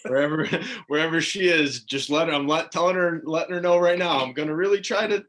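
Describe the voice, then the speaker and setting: A man's voice: a little high, fairly quick, fairly bright tone. A man hosting a podcast in casual chat, easygoing and agreeable, laughing along. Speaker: podcast host.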